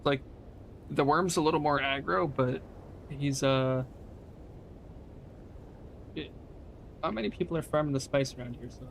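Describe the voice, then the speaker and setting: A laid-back young man chats on a live game stream, swearing easily and answering his viewers as he plays. His voice sits at an ordinary middle pitch, and a faint low rumble runs under the recording. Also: a little slow, gravelly, pauses often, a bit bright. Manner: laid-back, swears casually, talks to chat. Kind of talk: casual live-stream chat.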